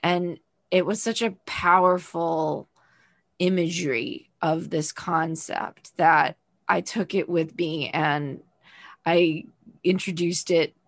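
A woman's voice: on the low side, fairly even intonation, takes it slowly, dry recording. A woman podcast host from the US South, talking earnestly and thoughtfully with a guest in a casual interview.

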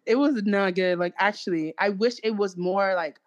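A young woman rants in casual chat, swearing freely. She mocks what she describes with voiced asides and rhetorical questions, and her pitch sits mid-range for a woman. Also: normal speed, highs cut off. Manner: animated, profane, mocking ranting with quoted asides.

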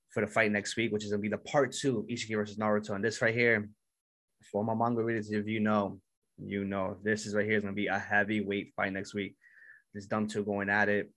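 A man casually recapping an anime episode, excitable and full of "yo" and "like" fillers. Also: lowish voice. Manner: excitable, filler-heavy retelling with "yo" and "like". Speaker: anime reviewer.

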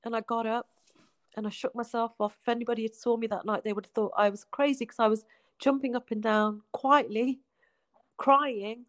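A woman, a guest telling her life story in a heartfelt way, often falling to a soft hush. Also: a little high, steady tone, normal speed, no room sound. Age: 40s. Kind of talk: emotional personal storytelling.

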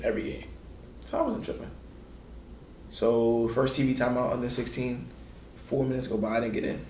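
Laid-back man spinning a hoops story in slang, acting out the quotes, in a roomy space with faint noise. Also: gravelly. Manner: animated, acts out quotes with big pitch jumps. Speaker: former college basketball player telling stories. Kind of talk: casual storytelling.

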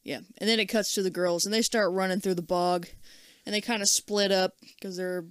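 A woman's voice: mid-range voice, steady tone, a little fast, clear, resonant tone, no echo, studio quality. A woman in her thirties co-hosting a podcast, filling in plot details in a matter-of-fact casual chat. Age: 30s. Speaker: podcast co-host. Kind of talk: casual chat recapping a cartoon.

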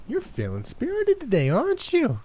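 A man voicing a menacing, sing-song old grandmother in a high falsetto that is sickly sweet and turns to growls. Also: huge pitch swings, normal speed, a little mellow, slight background noise, full character voice.

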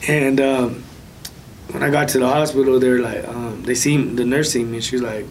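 A man casually recounting a personal story of faith as an interview guest, soft-spoken with light nervous laughs. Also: fairly quick, vocal fry. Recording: distant mic with faint low rumble.

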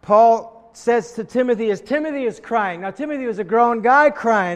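A man's voice: very high voice, normal speed, hardly any pauses, lo-fi sound. A man preaching a sermon, telling a story and acting out quoted voices, often repeating words as he starts a thought. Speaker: pastor. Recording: long hall reverb.

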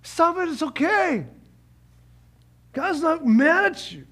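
A man in a sermon playing an ancient male leader who coaxes his grieving people with slow, stretched commands. The voice lifts higher than the preacher's own talk. It stays commanding yet gentle throughout. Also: lively intonation, exaggerated voice. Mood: urging.

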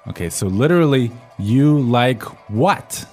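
A man's voice: mid-range voice, animated, a little slow, darkish tone, faint music behind. A man co-hosting a podcast language lesson, prompting with questions and recapping each point in plain English. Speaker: co-host.

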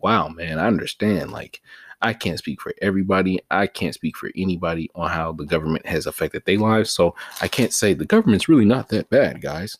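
A man hosting his own vlog in a profane, casual rant that swings between loud, high-pitched outbursts and low mutters. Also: slightly rough, no echo, studio quality. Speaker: vlog host. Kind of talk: casual ranting monologue.

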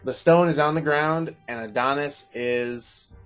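Slow, playful game master man. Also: mid-range voice, a bit bright. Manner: playful, laughs at his own twists. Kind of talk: narrating a tabletop game.

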